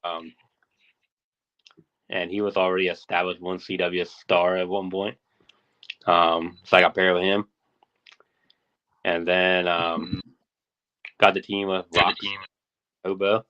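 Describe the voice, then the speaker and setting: Deep-voiced guy answering questions, lots of ums, muffled audio. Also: little pitch movement, takes it slowly, long pauses, pushed and bright, clean tone. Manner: hesitant, many ums. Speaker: wrestler guest. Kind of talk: casual interview answers. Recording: dull lo-fi audio.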